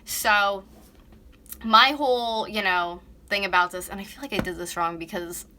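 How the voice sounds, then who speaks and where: A woman's voice: medium pitch, moderate pace, pushed and bright, slight background noise. A woman in her twenties from North America, rambling bluntly and swearing through a casual live-stream nail tutorial in her bedroom, filmed on a propped-up phone. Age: 20s. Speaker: beauty vlogger. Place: her warm bedroom at a vanity. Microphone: phone camera propped up close.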